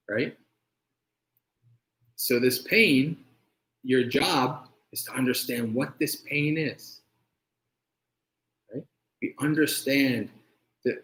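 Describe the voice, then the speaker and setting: A monk giving a conversational dharma talk and answering questions, often checking in with "right?". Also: male voice, medium pitch. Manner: conversational, keeps asking "right?". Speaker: monk teacher. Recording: echoey room.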